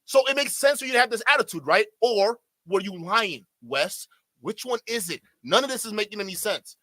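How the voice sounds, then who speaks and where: Man, reaction commentary, sarcastic, profane, bright voice, dry sound. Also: high-pitched, expressive, a little fast, no room sound. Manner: profane, sarcastic, laughs often. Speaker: YouTube commentator.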